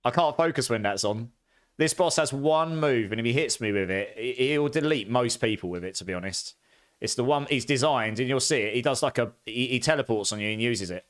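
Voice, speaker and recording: A chatty man with an Essex accent mixed with a bit of posh English, giving live commentary while he plays. He laughs easily and reacts with excitable bursts. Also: mid-range voice, a little fast. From near London, England. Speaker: streamer.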